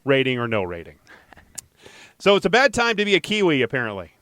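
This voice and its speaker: A man hosting a casual podcast, reading news items and riffing on them in an animated, jokey way. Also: medium pitch, a little fast, dry recording. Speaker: podcast host.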